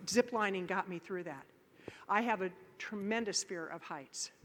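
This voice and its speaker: A woman giving a motivational keynote in a large conference hall, telling a story with animated acted-out voices and shouts. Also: medium pitch. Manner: animated, acts out voices and shouts in her stories. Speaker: keynote speaker. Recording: live conference hall with long reverb.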